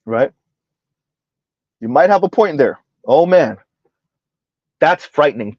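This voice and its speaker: A high-pitched man hosts a commentary, firing off mocking rhetorical questions and stretching words for emphasis. The sound is dry and a little muffled. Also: expressive, slow, no room sound. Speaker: commentary video host. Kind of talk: reaction commentary.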